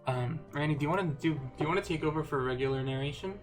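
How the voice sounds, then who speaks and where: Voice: medium pitch, very fast, faint music behind. A stream co-host chatting casually and joking while reading a webcomic with friends. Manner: laid-back, joking, swears casually. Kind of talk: casual chat.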